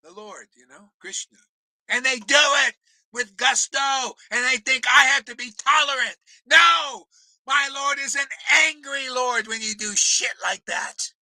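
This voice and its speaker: A man preaching in an impassioned, confrontational rant, swearing freely, often shouting and mocking others. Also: extremely high pitch, measured pace, dry recording, rough recording. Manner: mocks others in put-on voices. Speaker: spiritual teacher.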